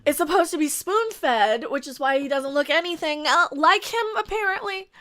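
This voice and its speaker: Female recap host, high, bright voice, sarcastic and animated. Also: moderate pace. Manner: animated, sarcastic, laughs often. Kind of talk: casual livestream recap chat.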